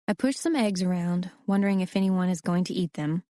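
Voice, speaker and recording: A woman reads a first-person novel in a steady, conversational way. Her voice sits low, and the recording is close and dry with no room sound. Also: fairly quick, few pauses, dry recording. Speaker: audiobook narrator. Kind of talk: first-person scripted narration.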